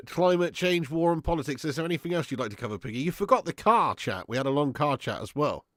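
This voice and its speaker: A man's voice: on the high side, fairly bright tone, dry recording, clean studio sound. A man hosting a casual live watch-along stream, bantering with chat, reading out super chats and swearing freely.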